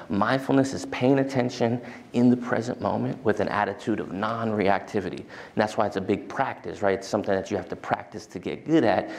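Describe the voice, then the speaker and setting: Low, gravelly-voiced male lecturer. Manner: casual and conversational. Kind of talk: university lecture with a guided mindfulness exercise. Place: large lecture hall.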